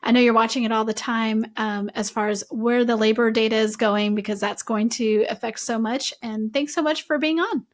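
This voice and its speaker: A woman's voice: on the high side, steady tone, moderate pace, few pauses. A woman hosting a podcast, talking in a friendly, casual way with hesitant fillers. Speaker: podcast host, editor.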